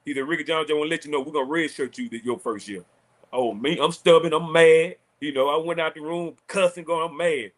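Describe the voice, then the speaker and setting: Man, lively storyteller, former quarterback, fairly high voice. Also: fairly quick. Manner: animated, laughing storyteller acting out quotes. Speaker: former college quarterback, guest. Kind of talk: casual storytelling on a talk show.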